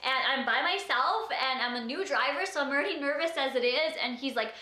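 A young woman tells a story to camera in a casual vlog, filling her talk with "like". Her voice sits high and bright. The room around her adds a noticeable echo. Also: brisk. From Saskatchewan, Canada. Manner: chatty, says "like" constantly. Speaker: vlogger. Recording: roomy echo.

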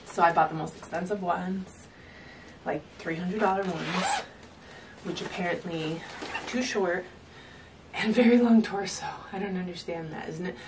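A woman's voice: lowish voice, normal speed, long pauses, noisy background. Chatty woman on a distant camera mic. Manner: chatty, rambling, laughs often. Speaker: fitness vlogger showing purchases. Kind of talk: casual haul vlog. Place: at home, indoors.

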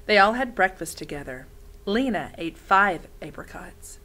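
A woman's voice: medium pitch, lively intonation, a little slow, bright, forceful tone, poor audio. A woman reading a children's novel aloud in a friendly way, stopping to explain words.

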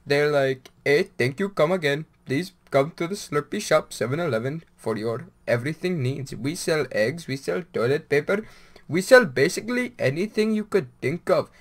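A man's voice: a little high, animated, moderate pace. A man putting on a mock Indian accent to play a hammy male convenience store clerk, rattling off sing-song sales patter in a gaming commentary.

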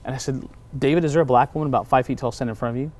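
A man in pastoral ministry tells faith stories in easy conversation. He talks with a moderate, ordinary pitch and slips into the voices of the people he quotes. His delivery is animated and personal. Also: racing. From United States. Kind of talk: storytelling testimony in a conversation.

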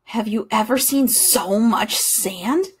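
A woman voicing a timid, fussy male goose in a children's storybook reading, worried and slow, drawing out her words. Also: sits high, big pitch swings, fairly bright tone, breathy edge, heavily acted. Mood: anxious.

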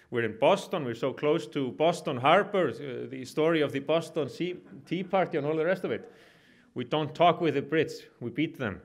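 A man with an Icelandic accent giving a public lecture at a university, telling humorous anecdotes and often restarting his sentences. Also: on the high side. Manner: acts out scenes with props while talking. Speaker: head of state giving a public address.

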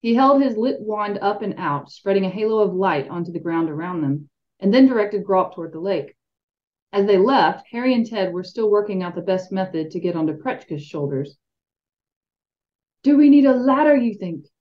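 A woman's voice: medium pitch, lively intonation, a little fast. A woman reading a fantasy novel aloud expressively as a podcast co-host, with light asides. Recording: dull lo-fi sound.

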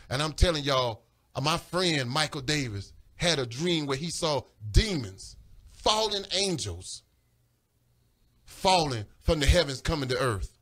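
A man with a somewhat high voice speaks on a studio radio show. He preaches with mounting fervor, and his voice rises into urgent pleading. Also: expressive, a little slow, a bit bright. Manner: preaching fervently, voice rising and pleading. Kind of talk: impassioned religious radio talk. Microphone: studio microphone.

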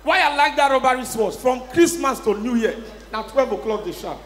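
A man with a Nigerian accent doing a stand-up comedy routine, mixing pidgin English and shouting his punchlines. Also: extremely high pitch, lively intonation, moderate pace, slight background noise. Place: live show venue with audience. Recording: echoey hall, long reverb.

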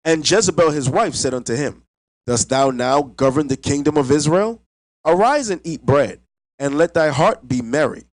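Dry, steady male scripture reader. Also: fairly high pitch, dry recording, rough recording. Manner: steady, measured reading. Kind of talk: reading scripture aloud.

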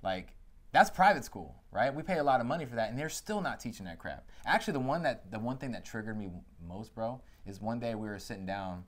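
A man in his thirties co-hosting a casual podcast chat, talking in an animated, emphatic way with a lot of slang. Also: mid-range voice, fairly quick. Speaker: podcast co-host.

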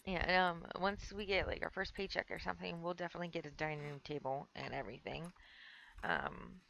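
A young woman with a stuffy nose talks through a life-sim game, rambling with lots of fillers and chatting to the characters. Her voice sits low with a gravelly edge, yet bounces around lively in pitch. A faint hiss sits under a close desk mic. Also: a little fast, rough recording. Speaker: gameplay streamer. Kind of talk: casual let's play commentary.

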